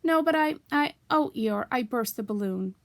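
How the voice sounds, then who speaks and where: A small, timid young male piglet from a storybook speaks in a squeaky, high, nervous voice that stammers, as a woman reader puts him on. There is a slight gravel under it and no room echo. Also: animated, moderate pace.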